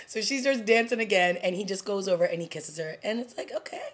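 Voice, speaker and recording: A woman casually recapping a TV drama episode for her vlog, animated, laughing often and throwing in dramatic asides. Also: medium pitch, fast talker, hardly any pauses. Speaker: TV review vlogger.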